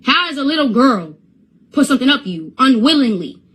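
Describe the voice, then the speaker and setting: Give me a husky woman telling a story on a phone livestream, stuttering and repeating herself. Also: sits high, very animated, a little fast, fairly bright tone. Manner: stutters and repeats words when upset. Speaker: Instagram live streamer. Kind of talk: casual storytelling to viewers.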